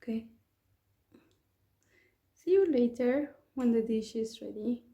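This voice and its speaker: A woman's voice: a little high, animated, slow pace, warm tone, reverberant. A woman, chatting her way through a home cooking tutorial with rambling asides and restarts. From Peru. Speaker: home cook vlogger. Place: home kitchen.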